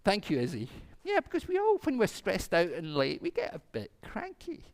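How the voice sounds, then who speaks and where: A minister tells a children's story in a church service, his voice rising and falling a great deal. He sits slightly high in pitch for a man and plays up the animals' lines with relish. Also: huge pitch swings, normal speed.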